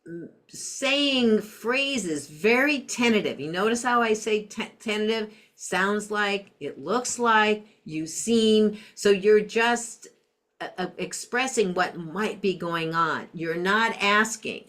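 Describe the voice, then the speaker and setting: A middle-aged woman, a guest parenting expert, explaining communication tips in a gentle, conversational way. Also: medium pitch, takes it slowly. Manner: gentle, acts out soft empathetic phrases. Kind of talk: interview conversation.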